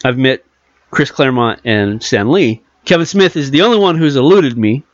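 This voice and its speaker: This podcast co-host has a medium-pitched, expressive voice and a moderate pace, heard on lo-fi audio with no echo. His casual chat wanders, he keeps correcting himself, and he performs the quotes he relays.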